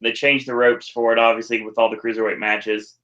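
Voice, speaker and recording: A man's voice: mid-range voice, little pitch movement, brisk, fairly bright tone, lo-fi sound. A man hosting a podcast in casual chat, rambling and correcting himself as he goes. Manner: rambling, self-correcting, laughs easily. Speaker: podcast host. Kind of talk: casual chat recapping wrestling.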